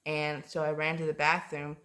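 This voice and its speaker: A woman's voice: deep voice, monotone, normal speed, fairly bright tone. A woman vlogger telling a personal story in a rambling, hesitant way, full of ums and self-corrections, and calling herself an amateur.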